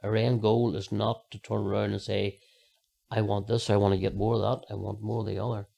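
Gravelly guy, lowish voice, rambling through his faith story with lots of you knows. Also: flat delivery, fairly quick, dark tone. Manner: rambling, many fillers and restarts; earnest storytelling. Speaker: podcast guest. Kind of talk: personal faith testimony.

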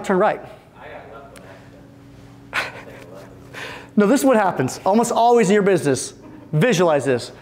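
A man speaking to a live audience of fence business owners at a retreat, energetic and joking as he addresses the room directly and acts out little scenes. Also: high-pitched. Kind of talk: business seminar talk.

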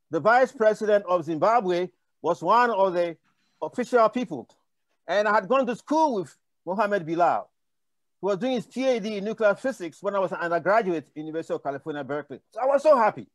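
An older man from Africa, high-pitched, speaks on a conference panel in a fervent, rambling storytelling style, repeatedly restarting his thoughts. There's no room sound in the recording.

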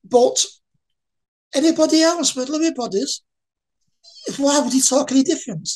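A woman's voice: sits high, normal speed, a little mellow, slight background noise, poor audio. A woman in an interview speaking frankly about her own life and asking the listener rhetorical questions. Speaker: interviewee sharing lived experience. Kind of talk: candid conversational talk.

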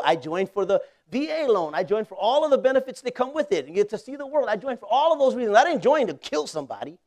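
A pastor in his forties with a fairly high voice preaches in a loose, joking way. He laughs easily as he tells his story, jumps to loud bursts, then drops to quiet asides. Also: no room sound. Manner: conversational and humorous, often laughing. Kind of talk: storytelling sermon.

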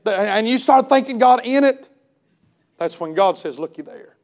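A man delivers a revival sermon in a church, his voice riding very high. He swings from ringing shouts to near-whispers and stretches key words for emphasis as he tells a story. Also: animated. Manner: impassioned, swings between shouting and hushed tones; storytelling, retells others' words with drawn-out emphasis. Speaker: preacher. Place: church service.

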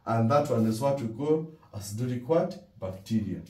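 Lecturing on dentistry to a class, this Ugandan man has an expressive, slightly mellow mid-range voice at a moderate pace. He repeats key words and answers his own rhetorical questions, and the distant mic picks up a roomy echo.

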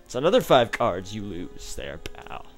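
A man's voice: fairly low pitch, huge pitch swings, unhurried, soft background music. A man giving let's play commentary on a card game, trash-talking his opponent with mock anger and frequent laughs.

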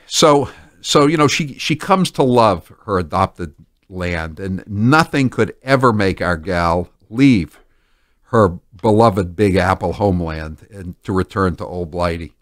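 A man's voice: lowish voice, no echo. A man hosting a talk radio show in a studio, delivering a sarcastic, mocking monologue into a studio microphone.

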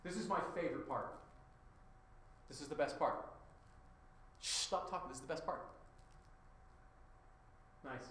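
A man improvising comedic bits for green screen clips. He swings between mocking shouts and low, deadpan muttering, and he swears. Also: measured pace, long pauses, slight background noise. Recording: very echoey room.

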